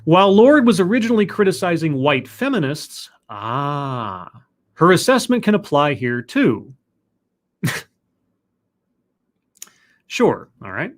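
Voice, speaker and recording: A man's voice: fairly high pitch, very animated, slow pace, pauses often. A man reading an essay aloud on a live stream, stopping often to question it with dry, sardonic remarks.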